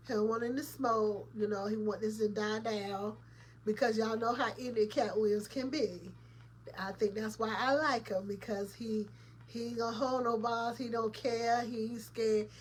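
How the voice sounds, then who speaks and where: A woman's voice: a little high, fairly even intonation, normal speed, slight background noise. A woman hosting a casual commentary vlog, chatty and opinionated, talking straight to her viewers with colloquial emphasis. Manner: chatty, opinionated, laughs often, addresses viewers directly. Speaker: host.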